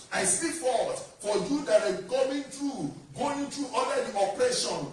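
A man's voice: extremely high pitch, a little slow. A man preaching a sermon as a pastor, proclaiming in a declamatory style and calling out to the congregation for responses. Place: church. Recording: echoey church hall from far off.

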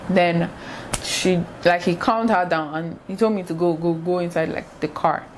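A young woman, telling a casual storytime vlog in an animated way and acting out sounds. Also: lowish voice, normal speed, slight background noise. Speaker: vlogger.

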